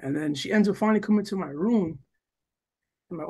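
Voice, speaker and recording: A young man from New Jersey co-hosts a casual podcast and spins a long story in a meandering way. His voice sits a little high and has a husky grain. He swears often and plays out quoted lines with sudden jumps in his delivery. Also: fast talker, darkish tone. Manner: rambling, profane, full of "like" and "yo", acts out quoted lines. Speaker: podcast co-host.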